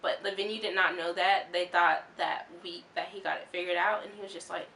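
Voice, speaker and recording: A young woman telling a story to her vlog viewers in a rambling, excitable way, with lots of fillers and restarts. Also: on the low side, brisk, slight background noise. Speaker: vlogger.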